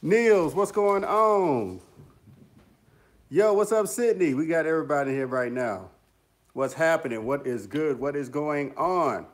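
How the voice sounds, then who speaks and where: A man's voice: a little high, expressive, a little slow. A man casually hosting a livestream, upbeat and chatty, greeting viewers by name and rambling with fillers. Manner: upbeat, chatty, lots of shout-outs and fillers. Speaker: music producer and YouTuber hosting a livestream. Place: home studio in the mountains.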